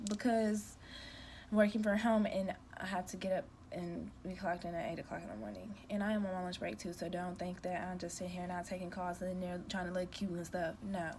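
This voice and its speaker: A woman's voice: fairly low pitch, flat delivery, a little fast, darkish tone, a little hiss or hum. A young woman who works in customer care, talking from home in a direct, emphatic, venting way. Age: young adult. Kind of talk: casual rant to camera.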